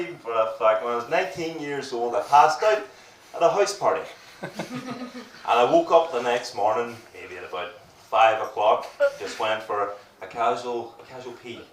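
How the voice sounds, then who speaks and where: A Northern Irish stand-up comedian in his twenties performs a crude, self-mocking set full of rambling asides, speaking at medium pitch. He's at a comedy venue with a live audience, captured on roomy live audio from a distant mic, with crowd laughter and slight background noise.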